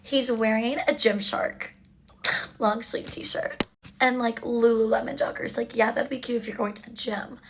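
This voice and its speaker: A young woman with a slightly high voice tells a story in a casual, chatty monologue. She is blunt and uses plenty of fillers. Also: fairly even intonation, measured pace, fairly bright tone, slight background noise.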